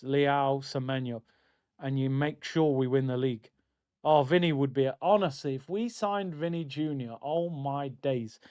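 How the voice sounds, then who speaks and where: Hosting a casual football watchalong stream, a man chats loosely and reads viewers' comments aloud. His voice is a little high with a darkish tone, and the sound is clean.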